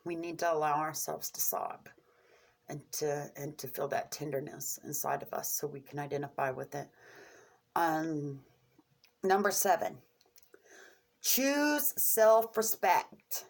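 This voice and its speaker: A middle-aged woman talking candidly and earnestly to her viewers, openly emotional, in short halting phrases. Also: low-pitched, animated, vocal fry. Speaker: vlogger sharing coping skills. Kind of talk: candid personal talk to camera.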